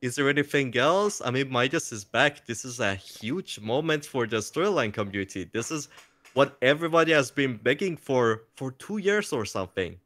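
A man talking as a guest in a casual interview, excitable and jokey, slipping into playful mock voices. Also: mid-range voice, moderate pace. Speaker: interview guest, content creator.

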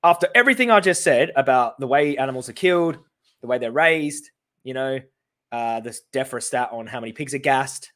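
A man in his thirties with an Australian accent, reacting to his own TV debate with animated, sarcastic commentary. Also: mid-range voice, fairly quick. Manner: animated, sarcastic, laughing in disbelief.

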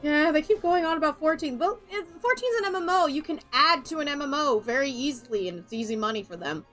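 A young woman with a high, bright voice chats while gaming. She sounds excitable and blunt and swears freely. Faint game music plays behind her. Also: quick pace. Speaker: gamer host. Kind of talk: casual chat while playing a video game.

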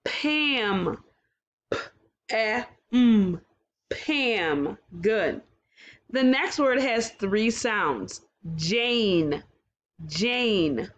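A woman teaching a kindergarten phonics lesson, slowly sounding out words and praising the children with exaggerated, sing-song encouragement. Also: medium pitch, lo-fi sound. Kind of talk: slow, clearly enunciated phonics lesson for young children.

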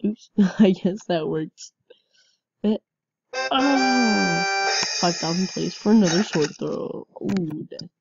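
A woman giving casual game commentary, excitable, with frequent yelps and laughs. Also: on the low side, slow pace, gravelly, highs cut off, soft background music. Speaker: gameplay commentator.

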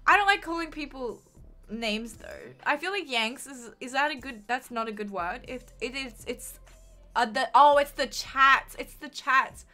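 A woman's voice: fairly high pitch, pushed and bright. A young Australian woman from Queensland, rambling and swearing as she chats casually with her live-stream audience. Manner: rambling, swearing, jokey, frequent laughs. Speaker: livestreamer.

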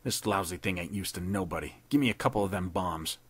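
A man's voice: low-pitched, fast, fairly bright tone, husky, no room sound. A man voicing a jittery young gangster turned soldier, with clipped gangster slang, in a read-aloud pulp story. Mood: tense.

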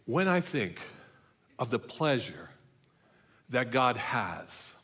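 A middle-aged man preaching a sermon as pastor, telling a story and often dropping to a soft, hushed voice for emphasis. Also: mid-range voice, very animated, takes it slowly, long pauses, slightly rough. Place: church.

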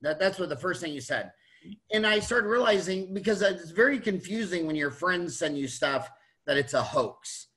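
A man's voice: sits high, animated, normal speed, bright, forceful tone. A man hosting a podcast interview, rambling casually and restarting his sentences often. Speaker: podcast host.

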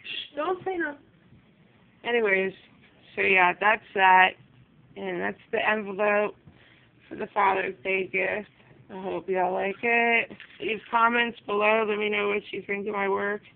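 A chatty woman rambles through her handmade crafts, stopping now and then to apologize. Her voice has a gravelly edge. It comes through a thin, tinny phone recording. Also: mid-range voice, flat delivery, measured pace. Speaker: craft vlogger. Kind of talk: casual craft show-and-tell. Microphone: phone camera.

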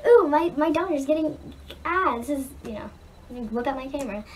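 A young woman putting on the voice of a fussing mother, high and gushing. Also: lively intonation, moderate pace, darkish tone, slight background noise. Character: doting mother, fussing over her daughter.

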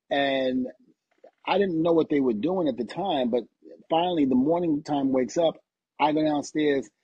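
A man's voice: medium pitch, mellow, breathy edge, dry recording, highs cut off. A middle-aged man, a retired pro wrestler, telling casual anecdotes as a guest and laughing through them.

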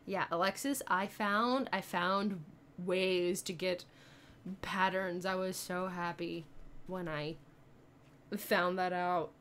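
A woman's voice: fairly low pitch, steady tone, slow, a bit bright, a little hiss or hum. A young woman streaming a game, rambling, giggling often and answering her chat. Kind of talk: casual live-stream chat while gaming.

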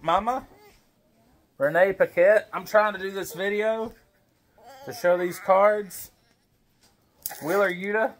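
A man's voice: high voice, steady tone, slow pace, pauses often. A man casually opening wrestling card packs at home, reading names aloud and chatting to his baby as he goes. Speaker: wrestling card collector vlogger. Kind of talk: casual pack-opening chat.

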